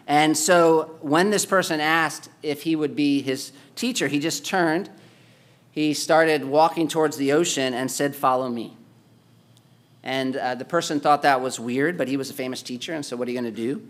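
Male pastor, higher-pitched voice, sermon delivery that alternates between forceful urging and hushed storytelling. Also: moderate pace. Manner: emphatic, swings between loud exhortation and quiet storytelling.

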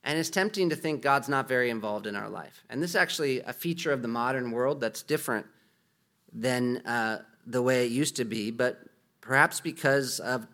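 A man's voice: medium pitch, pushed and bright. A man preaching a sermon in an earnest, conversational way, asking the listeners rhetorical questions. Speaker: pastor.

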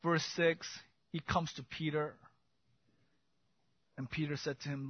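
A man preaching an expository sermon as pastor, swinging from loud emphatic bursts to quiet intimate asides. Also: fairly high pitch, little pitch movement, unhurried, long pauses, dry recording, highs cut off.

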